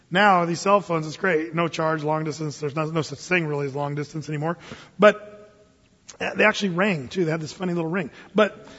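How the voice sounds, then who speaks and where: A high-pitched man in his fifties preaching a sermon in a church sanctuary, his voice carrying a long reverb through the hall. He tells his stories in a loose, conversational way, often restarting his sentences. The recording sounds dull and lo-fi. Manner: conversational storytelling, animated with frequent restarts. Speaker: pastor.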